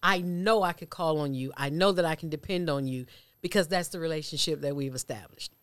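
A man's voice: a little high, a little fast, fairly bright tone, clear, resonant tone, no room sound. Preacherly man on a dry podcast mic. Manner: preacherly, builds points with repetition. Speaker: church podcast co-host. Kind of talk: casual faith discussion.

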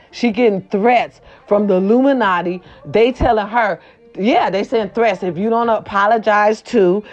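A woman runs a gossip chat, sassy and animated, leaning on her catchphrases. Her throat is sore. The recording sounds slightly dull and lo-fi. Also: mid-range voice. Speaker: gossip vlog host. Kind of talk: casual celebrity gossip chat.

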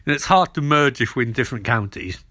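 A man voicing a stern older male scientist in a curt, deadpan manner. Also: medium pitch, fairly quick, no room sound, clean studio sound, pitched below the performer's own voice.

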